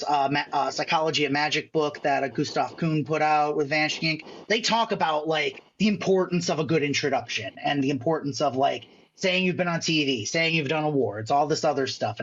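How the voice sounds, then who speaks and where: A man's voice: on the high side, a bit bright, highs cut off, a little hiss or hum. A man from the Chicago area, a guest magician telling stories in a casual podcast chat, acting out other people's lines as he goes. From Chicago area, USA.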